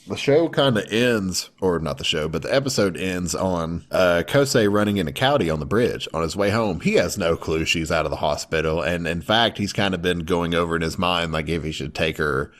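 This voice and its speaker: A man's voice: deep voice, lively intonation, normal speed, hardly any pauses. A man co-hosting a podcast, casually recapping an anime episode, acting out characters' lines in a raised voice and laughing often. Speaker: podcast co-host.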